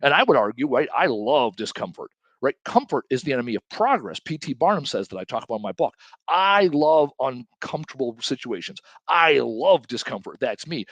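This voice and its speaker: A man's voice: medium pitch, no echo. A man hosting his own show, giving a casual motivational talk and acting out quotes from other people in his own voice. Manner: animated, acts out quotes in different voices. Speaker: host.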